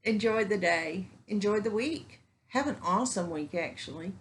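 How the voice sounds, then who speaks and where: A woman's voice: mid-range voice, lively intonation, moderate pace. A woman talking casually and earnestly to her camera, rambling and folksy, repeating things for emphasis. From Texas. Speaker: vlogger. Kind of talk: casual heartfelt talk to camera. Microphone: camera mic.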